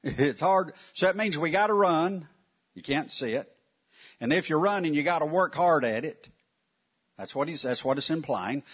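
A man preaching a Bible lesson with a husky, slightly raised voice that swings up and down a lot. He talks in a wry, chatty way and keeps asking his listeners questions, and the recording sounds dull and lo-fi. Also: a little high. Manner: conversational, wry, asks the audience questions. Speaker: Bible teacher. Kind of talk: sermon teaching.

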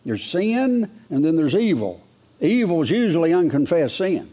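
A man preaches a folksy, verse-by-verse sermon in a warm, very animated voice at a normal pace. His pitch rises when he reads scripture aloud, and he poses questions to the congregation as he goes.

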